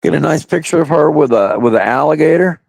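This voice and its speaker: A man's voice: fairly high pitch, expressive, fast, darkish tone, dry recording. A man hosting a casual livestream, chatting loosely and crudely with viewers and often laughing. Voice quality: gravelly. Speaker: livestream host. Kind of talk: casual live-stream chat with viewers.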